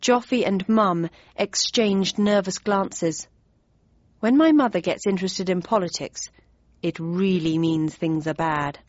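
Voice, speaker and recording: A woman's voice: fairly low pitch, a little slow, darkish tone, dry recording, muffled recording. Woman narrating a wry story. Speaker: audiobook narrator. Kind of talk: scripted narration.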